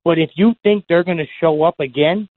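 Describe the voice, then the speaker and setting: Heated New Jersey caller on a tinny phone line. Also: male voice, fairly high pitch, brisk, no echo. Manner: insistent, heated. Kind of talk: call-in to sports radio.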